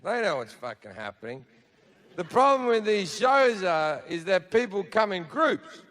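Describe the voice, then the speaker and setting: A man's voice: sits high, sing-song, measured pace, fairly bright tone. A man with an Australian accent doing a stand-up set on stage, crude, sardonic and profane. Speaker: stand-up comedian. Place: theater stage before a live audience.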